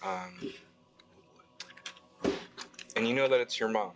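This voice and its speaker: A man's voice: medium pitch, expressive, slow pace, a bit bright, slight background noise, low-quality recording. A man narrating a tabletop game as game master, hesitant and full of ums and restarts.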